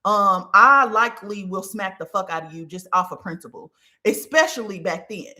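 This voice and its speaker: A woman in her thirties talks through a personal story in a loose, casual monologue. Her voice is bright and forward, and she swears freely and builds up animated tellings. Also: medium pitch, normal speed. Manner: candid, profane, animated storytelling. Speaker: podcast host.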